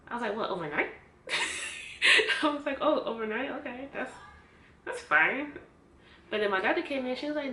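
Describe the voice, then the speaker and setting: A woman's voice: a little high, brisk. A woman vlogger tells her own story straight to camera, bringing each remembered voice to life as she goes. Her tone is emotional, at moments close to tears. The room is echoey, with a faint hiss of background noise. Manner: animated storytelling, acting out quotes. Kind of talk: personal storytime vlog.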